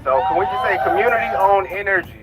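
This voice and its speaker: A man's voice: high-pitched, quick pace, heavy background noise. A man giving an earnest, rallying speech to a crowd at an outdoor rally. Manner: earnest, rallying, some ums and restarts. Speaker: rally speaker.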